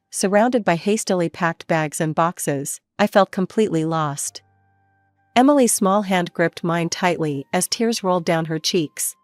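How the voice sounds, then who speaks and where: Woman narrating a family story, low-pitched. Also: dry recording, clean studio sound. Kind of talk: first-person story narration.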